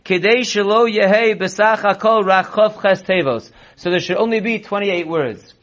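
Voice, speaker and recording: High-voiced rabbi teaching a text class. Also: male voice, fairly bright tone. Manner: reads Hebrew and Aramaic slowly, then explains quickly in English. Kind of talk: text-based Torah class. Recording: dull lo-fi recording.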